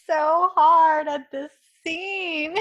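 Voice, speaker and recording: A woman co-hosting a casual chat, lively and giggly as she retells scenes from a show. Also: very high-pitched, extremely slow, lo-fi sound. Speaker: podcast co-host recapping a TV drama.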